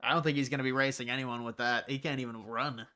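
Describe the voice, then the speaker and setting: A man chats loosely on his own livestream, wandering from point to point and answering viewers as he goes. His voice is smooth and clear. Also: mid-range voice, fairly even intonation, fast, sharp tone. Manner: rambling, answers viewers' comments. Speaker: livestream host. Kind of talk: casual livestream chat.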